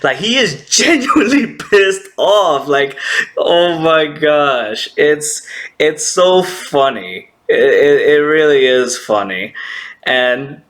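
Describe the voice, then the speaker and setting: Excitable man recapping an anime episode. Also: fairly high pitch, slow pace. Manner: excitable, laughs often, acts out characters' lines.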